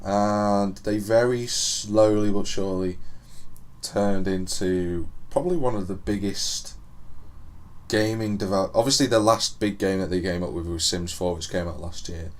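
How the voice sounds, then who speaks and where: A man's voice: low-pitched, measured pace. A young man co-hosting a podcast in casual chat, joking, laughing and reading out news. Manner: banter, laughing often, reads out news. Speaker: podcast co-host.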